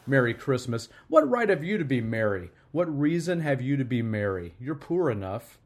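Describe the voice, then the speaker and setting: A man voicing Scrooge, a grumpy, miserly old man, who speaks loudly and indignantly in a storybook reading. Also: medium pitch, big pitch swings, moderate pace. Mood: scornful.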